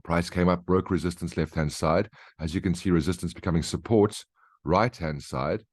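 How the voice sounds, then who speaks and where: Low-voiced man walking through trading charts. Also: moderate pace, a little mellow, dry recording, studio quality. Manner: conversational, keeps checking in with "right?" and "okay?". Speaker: trading educator. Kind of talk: market briefing over charts.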